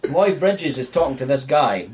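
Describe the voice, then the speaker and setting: A man co-hosting a comedic film review chat, swearing often and talking with animated exasperation. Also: medium pitch, normal speed, a crowd in the background. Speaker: film podcast co-host.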